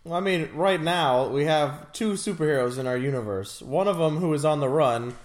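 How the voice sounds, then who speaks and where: A man's voice: fairly high pitch, normal speed. A man in casual chat, cracking jokes and commenting on a film as it plays. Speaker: co-host.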